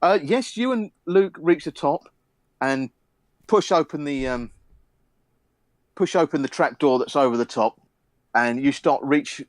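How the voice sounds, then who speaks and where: A man narrating a tabletop game as game master, relaxed and rambling with many fillers. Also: a little high, a little slow, pauses often, no echo.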